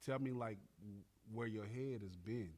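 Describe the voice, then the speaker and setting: Man, podcast interviewer, low voice, slangy and relaxed, lots of "yeah". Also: unhurried. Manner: conversational, slangy, frequent affirmations. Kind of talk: casual podcast conversation.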